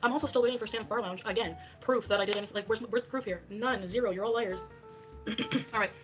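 Fast-talking, defensive woman streamer. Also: medium pitch, over music. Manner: defensive, argumentative, talks over clips. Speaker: livestreamer reacting to videos. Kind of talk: casual livestream chat.

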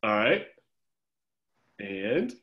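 Encouraging coach on a video call. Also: male voice, fairly low pitch, sing-song, extremely slow, lo-fi sound. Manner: encouraging, chatty, teasing. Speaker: swim coach. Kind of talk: casual group video call check-in.

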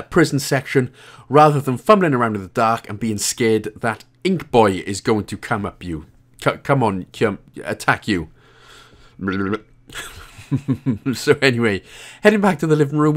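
A man's voice: medium pitch, fairly bright tone. Chatty Welsh man narrating a game guide. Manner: chatty, jokey, laughs often. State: out of breath. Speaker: game walkthrough host. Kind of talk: casual gameplay commentary.

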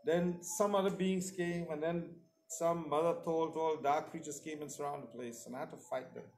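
Preacher with a fairly high voice. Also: male voice, fairly even intonation, normal speed, creaky, a little mellow, roomy sound, faint music behind. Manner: storytelling, acts out the voices of others in dialogue. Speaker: preacher giving testimony. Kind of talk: sermon testimony. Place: church service.

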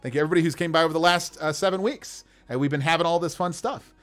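A man's voice: fairly high pitch, rapid-fire, soft background music. A male host wrapping up a live stream show, chatty and friendly with many fillers.

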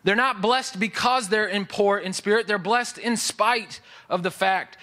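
Bright-voiced male pastor preaching. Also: high-pitched, a little slow. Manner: explanatory, conversational teaching with asides. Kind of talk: sermon. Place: church.

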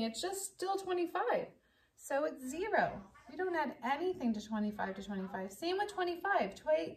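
A woman teacher giving a playful recorded math lesson to young children, talking gently and laughing at herself. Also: high-pitched. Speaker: elementary school teacher.

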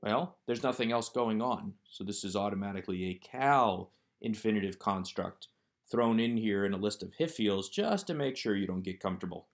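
A man's voice: lowish voice, normal speed, vocal fry. A man teaching a recorded Hebrew grammar lesson, walking through workbook exercises one by one in a methodical, explanatory way.

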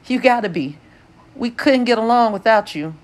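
A woman's voice: fairly high pitch, lively intonation, moderate pace, pitched above the performer's own voice, close to an everyday voice. A woman voicing a teenage boy who talks to his hurt friend with urgent, forced cheer. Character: anxious teenage boy, the narrator, talking to a friend.

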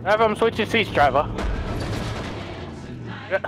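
A young man playing a co-op game, excitable, shouting and laughing often. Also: high voice, unhurried, music in the background. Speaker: gamer playing co-op. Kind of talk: excited gameplay banter.

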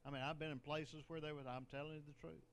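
A man's voice: fairly high pitch, flat delivery, fast talker, slight background noise. An older man, a bishop, preaching a sermon in a conversational way, with joking asides and laughter.

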